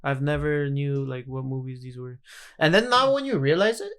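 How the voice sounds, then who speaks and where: A man co-hosting a casual podcast, halting and searching for his words as he talks. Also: mid-range voice, fairly bright tone, smooth. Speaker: podcast co-host.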